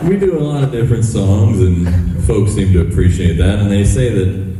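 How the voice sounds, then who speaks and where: Deep-voiced man telling a stage story. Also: expressive, normal speed. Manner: self-mocking, laughing often. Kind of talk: onstage storytelling. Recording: echoey live venue with loud crowd noise.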